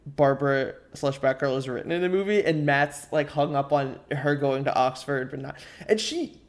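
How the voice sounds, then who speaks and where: A man's voice: medium pitch, normal speed. A man co-hosting a casual podcast, talking in an opinionated way with many fillers and restarts. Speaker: podcast co-host.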